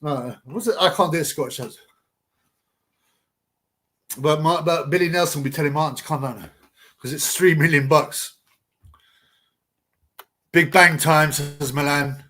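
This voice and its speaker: A man's voice: on the high side, moderate pace, long pauses, bright, forceful tone. A man hosting a casual live boxing chat, rambling and blunt with slang. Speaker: livestream host.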